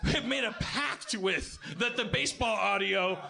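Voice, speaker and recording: A man's voice: sits high, measured pace, creaky. A man hosting a podcast, telling a comic story in a profane, self-deprecating way with lots of stammering restarts. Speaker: podcast host.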